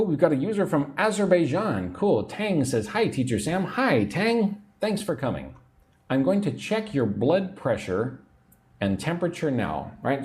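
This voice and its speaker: A man teaching an English lesson on a livestream, chatting, reading out viewer comments, and drilling words slowly. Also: medium pitch, a little mellow. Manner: chatty, reads viewer comments aloud, slow drilled pronunciation.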